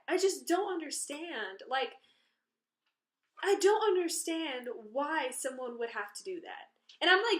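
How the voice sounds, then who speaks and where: Indignant woman vlogger, roomy echo. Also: a little high. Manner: indignant, animated storytelling. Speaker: vlogger telling a story. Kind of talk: casual story time.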